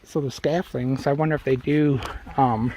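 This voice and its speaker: A man's voice: medium pitch, steady tone, moderate pace, warm tone, slight background noise, rough recording. A middle-aged man filming a casual travel vlog on a handheld phone, walking a city sidewalk and chatting with many fillers and joking asides. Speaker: travel vlogger and channel host. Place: outdoors on a city sidewalk, then in a small car. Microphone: handheld phone camera.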